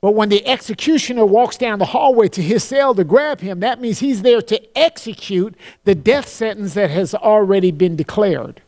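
A man preaching a sermon, earnest, slowing down to quote scripture solemnly and often repeating words as he starts a phrase. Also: sits high, darkish tone.

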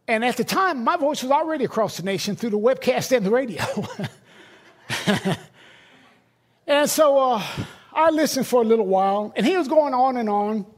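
A middle-aged man, a pastor, preaching a sermon in a conversational, emphatic way with personal stories. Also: high voice.

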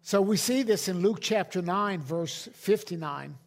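A man's voice: high voice, measured pace, gravelly. A middle-aged male pastor preaching a sermon to a congregation in a conversational way, often restarting his sentences. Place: church hall.

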